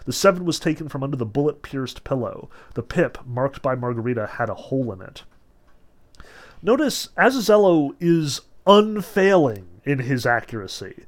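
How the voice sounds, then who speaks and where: A man lecturing casually on a novel, reading passages aloud between loose, filler-heavy explanations with animated emphasis. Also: mid-range voice, normal speed. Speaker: literature lecturer.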